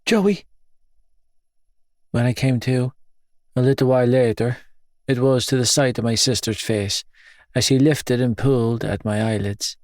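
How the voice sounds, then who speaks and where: A man narrating a first-person audiobook in a grave, measured, intense manner. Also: medium pitch, little pitch movement, darkish tone, no room sound, clean studio sound.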